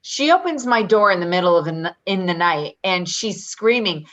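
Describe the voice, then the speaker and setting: A woman's voice: fairly low pitch, animated, normal speed, fairly bright tone. A woman in a readers theater reading, playing a blunt, defensive live-in caregiver who answers with sarcasm. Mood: indignant. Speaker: actor in a staged reading.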